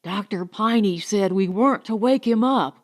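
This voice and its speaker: A woman's voice: medium pitch, normal speed, close to an everyday voice. A woman reading aloud, voicing a worried young father who speaks firmly and steadily. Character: anxious young father, firm and hushed.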